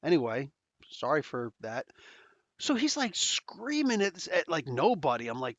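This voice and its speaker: A man's voice: fairly high pitch, very animated, unhurried, fairly bright tone, dry recording, muffled recording. A man from New Jersey with a New Jersey accent, hosting a podcast and telling a story in a rambling, slangy way. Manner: rambling, many fillers and restarts, slangy. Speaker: podcast host. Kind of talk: casual storytelling.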